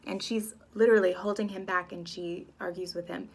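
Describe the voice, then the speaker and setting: A woman's voice: medium pitch, fairly even intonation, brisk, creaky. A woman teacher explaining a play scene by scene in a casual, chatty way.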